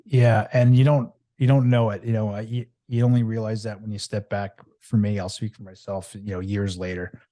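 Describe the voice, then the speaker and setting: A middle-aged man, a podcast guest telling his story in a rambling, animated way, with many fillers and restarts. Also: on the low side, normal speed, hardly any pauses, no room sound. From Long Island, New York. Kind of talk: candid storytelling interview.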